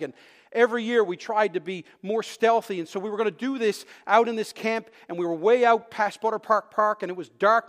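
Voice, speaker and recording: In a high-pitched voice, a man preaching as a pastor shares a personal anecdote, his animated delivery rising to loud bursts and dropping to hushed tones. Now and then he restarts words.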